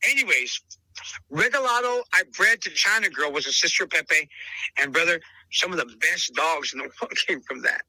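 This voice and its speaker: A man with a fairly high, sharply forceful voice, recounting his dogs in a podcast interview. He stumbles and repeats words as he goes and keeps calling the listener brother. The sound is close and dry. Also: animated, normal speed, dry recording, poor audio. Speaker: dog breeder interviewed on a podcast. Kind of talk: animated storytelling in conversation.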